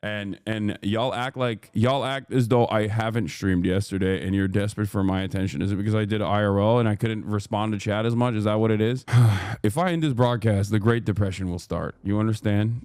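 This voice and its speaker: Profane ranting man, smooth crisp voice. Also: on the low side, a little mellow, dry recording. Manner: profane, heated ranting with many fillers. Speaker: livestream host. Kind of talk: casual stream chat. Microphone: studio microphone through a mixer.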